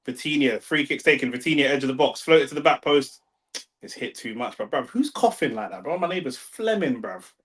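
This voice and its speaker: A young man with a London accent, talking slangy and excitable over a live football match and arguing with his chat. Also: medium pitch, a little fast. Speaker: watch-along streamer. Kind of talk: live football watch-along commentary.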